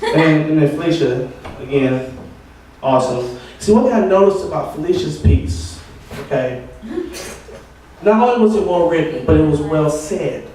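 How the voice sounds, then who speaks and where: A man's voice: a little high, animated, moderate pace, long pauses, warm tone, a little hiss or hum. A man doing rambling, ranting stand-up comedy at an open mic. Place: open mic venue with audience. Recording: echoey room from far off, audience.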